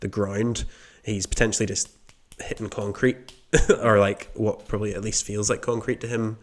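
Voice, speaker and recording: A man from the UK talks in a relaxed podcast chat, circling around his point before landing on it. His voice sits on the low side and stays level, with little rise and fall. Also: moderate pace. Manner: meandering, thinks aloud while answering. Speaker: podcast co-host. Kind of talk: casual chat.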